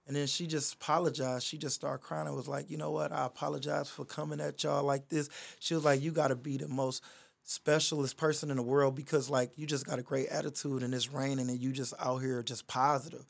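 A young adult man, a podcast guest, telling a personal story in casual chat, animated and full of fillers. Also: mid-range voice, brisk, vocal fry. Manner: animated, lots of "you know what I mean" fillers.

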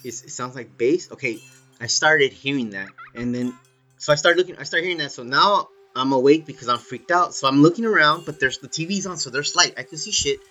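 A man with a fairly high voice speaks briskly, soft background music playing, as he tells a story in casual chat. He's animated, swears freely, and keeps saying "dude."

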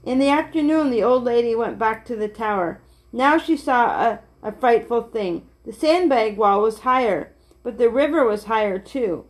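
A woman's voice: fairly high pitch, moderate pace. Woman reading a picture book aloud. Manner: gentle, steady storybook reading with small slips. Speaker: reader of a children's book.

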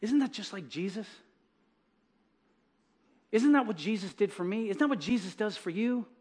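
A male pastor preaching a sermon in a church, telling a story and softly acting out its dialogue. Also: sits high, lively intonation, moderate pace, breathy edge.

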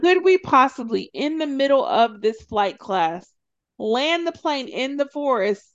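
A woman co-hosting a podcast, casually recapping a TV show and acting out the characters' lines in quick, animated storytelling. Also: high voice, muffled recording. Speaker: podcast co-host.

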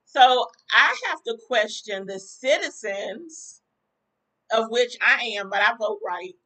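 On the high side and taking it slowly, a woman's pushed, bright voice comes through poor audio. She's a podcast host addressing a live chat casually, preaching in a fired-up way and speaking directly to y'all.

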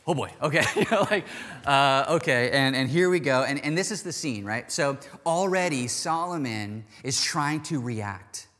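A man preaching in a relaxed, conversational way, acting out quoted lines as he talks. His voice sits at an ordinary middle pitch. It rings with long reverb, as in a church hall. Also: normal speed. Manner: animated, chatty, acts out quoted lines. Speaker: pastor. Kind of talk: sermon.

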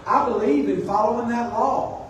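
A man's voice: very high-pitched, moderate pace, muffled recording, slight background noise. A man voicing the apostle Peter in a sermon, protesting in a self-righteous way. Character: Simon Peter, stubborn pious man. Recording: echoey room, distant mic.

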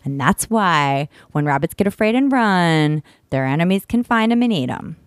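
Candid, low-voiced woman chatting. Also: normal speed, hardly any pauses, no echo, studio quality. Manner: candid, swears freely, animated. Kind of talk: casual chat, storytelling.

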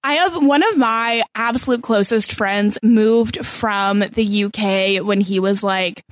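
A woman's voice: mid-range voice, slow pace, no echo. A woman from Canada, co-hosting a podcast in casual chat, wry and playful with frequent fillers. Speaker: podcast co-host.

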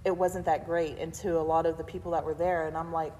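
A woman's voice: deep voice, fairly quick. A woman hosting a casual chat, telling stories animatedly with frequent laughter and acted-out quotes. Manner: animated storyteller, laughs often, acts out quotes. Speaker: podcast host. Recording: roomy reverb with faint noise.

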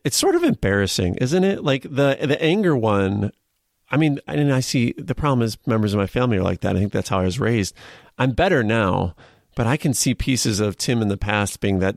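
A man's voice: gravelly, no echo, clean studio sound. A man hosting a podcast interview, talking in a rambling, eager way with many restarts. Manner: rambling, restarts, often rises in pitch when eager. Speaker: podcast host.

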